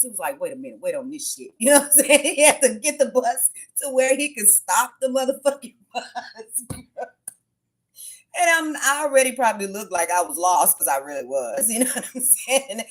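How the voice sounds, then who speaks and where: A woman's voice: on the high side, expressive, normal speed. A woman hosting her tarot channel, chatting casually on a livestream and telling a story in frank, profane speech.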